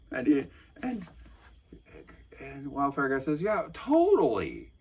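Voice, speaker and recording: Husky man in a sarcastic rambling recap. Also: medium pitch, slow pace. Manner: sarcastic, rambling, many fillers and restarts. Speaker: local commentator recapping a council meeting. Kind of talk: casual recap monologue.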